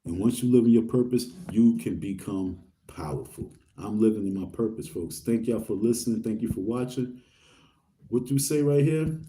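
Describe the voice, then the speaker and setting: A man's voice: fairly low pitch, animated, moderate pace, dark tone. A man from Queens, rambling through a story in street slang and reading viewer comments to his audience. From Queens, New York. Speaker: vlogger.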